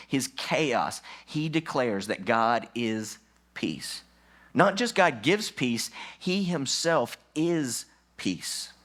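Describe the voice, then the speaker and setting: Pastor, male, mid-range voice: church sermon, emphatic, repeats his main points, swings between hushed and loud. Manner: emphatic, drops low then rises for stress; repeats key lines for effect.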